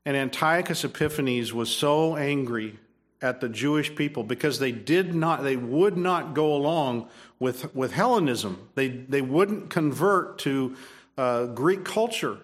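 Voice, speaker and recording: A man's voice: mid-range voice, animated, measured pace. A man preaching a sermon, emphatic, repeating phrases and restarting his sentences. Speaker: pastor.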